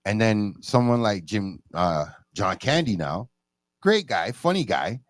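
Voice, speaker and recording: A man in casual chat who tells stories animatedly, jumping up in pitch when he quotes people. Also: measured pace, no room sound, studio quality. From Canada. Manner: animated storyteller, jumps high in pitch for quoted speech.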